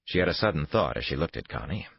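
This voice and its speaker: A man narrating a thriller audiobook in a measured, even delivery. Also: extremely low pitch, creaky, slightly rough, dry recording, dull audio.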